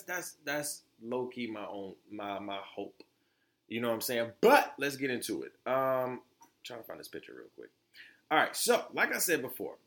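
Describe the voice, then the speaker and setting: A man's voice: mid-range voice, fairly bright tone. A young man hosting his own podcast, talking bluntly and with lots of profanity, often restarting his sentences. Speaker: podcast host. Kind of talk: opinionated solo podcast talk.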